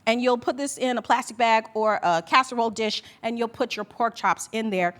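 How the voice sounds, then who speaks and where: A woman's voice: a little high, fairly quick, a bit bright. A woman chef doing a cooking demonstration in a studio kitchen, upbeat and gushing. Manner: upbeat, gushing, says "beautiful" a lot.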